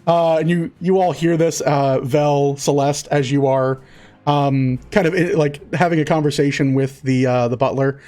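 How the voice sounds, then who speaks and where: A man's voice: fairly high pitch, fairly even intonation, normal speed, a little mellow. A man narrating a tabletop game as game master, rambling with many fillers.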